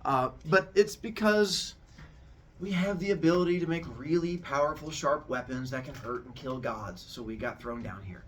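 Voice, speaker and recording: A man's voice: a little high, moderate pace, slight background noise, natural voice. A man voicing shy, polite one-eyed giants in a told story.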